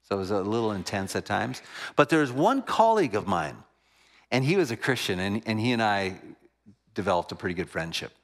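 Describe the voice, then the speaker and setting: A middle-aged man preaching a sermon, telling a personal story with lively energy that drops to hushed tones at moving moments. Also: fairly low pitch, fairly quick.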